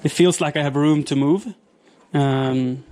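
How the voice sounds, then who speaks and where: A male streamer with a slightly high voice chats loosely while he works with his hands. He rambles, restarts his sentences and answers chat messages as they come in. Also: fairly even intonation, unhurried, darkish tone. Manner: chatty, rambling, reads chat aloud, frequent restarts and laughs. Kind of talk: casual live-stream chat while doing chores.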